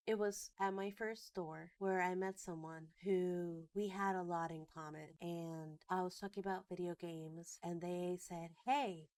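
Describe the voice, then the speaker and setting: A woman's voice: on the low side, darkish tone, dry recording. A woman in her thirties talking earnestly in a personal vlog, at times choked up with emotion. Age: 30s. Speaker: vlogger.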